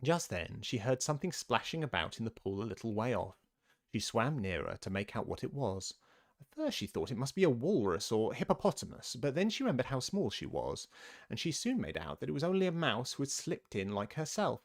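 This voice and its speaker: Animated male storybook reader. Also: mid-range voice, brisk. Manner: animated, lively reading voice. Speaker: storyteller reading a children's book aloud. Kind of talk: expressive storybook narration.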